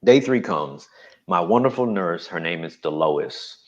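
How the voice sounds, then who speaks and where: A man's voice: low voice, a little slow, dull audio. A man from New Jersey, a guest giving an emphatic personal testimony in an interview. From New Jersey, USA. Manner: animated, emphatic storytelling.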